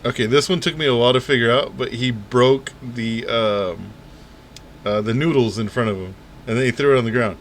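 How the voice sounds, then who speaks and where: A man's voice: medium pitch, a little fast, over music. A man giving casual, mocking commentary on news clips, laughing and rambling between them.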